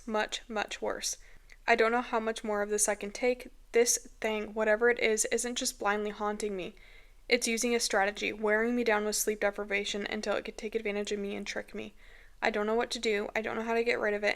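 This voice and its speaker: A woman podcast host reading stories aloud with expression, breaking off for shaken, emotional asides. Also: medium pitch.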